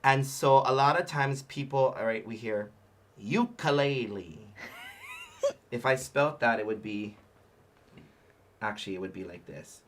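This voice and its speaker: A man teaching a relaxed livestream ukulele lesson in a conversational voice. He breaks Hawaiian words into slow, careful syllables as he demonstrates them. His talk is loose and friendly, full of fillers and easy laughter. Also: mid-range voice, a little hiss or hum. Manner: explains patiently, sounds out Hawaiian words syllable by syllable; chatty with frequent fillers and laughter. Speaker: ukulele workshop instructor.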